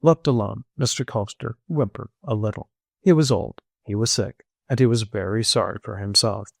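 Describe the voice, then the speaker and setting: A man narrating an audiobook in a measured, clear storytelling manner on a close microphone. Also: fairly low pitch, dry recording. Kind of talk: scripted narration.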